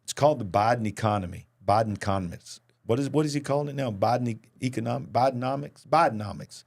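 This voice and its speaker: Man, preacher host, news commentary, emphatic remarks, medium pitch. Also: quick pace, creaky. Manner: animated, reads news then comments emphatically. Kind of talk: news commentary talk show.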